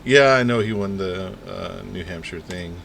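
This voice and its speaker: A man's voice: low-pitched, moderate pace, creaky, a bit bright, a little hiss or hum. Sarcastic man riffing on news clips. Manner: mocking, laughs often, rambling asides. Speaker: streamer commenting on news clips. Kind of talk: casual sarcastic commentary.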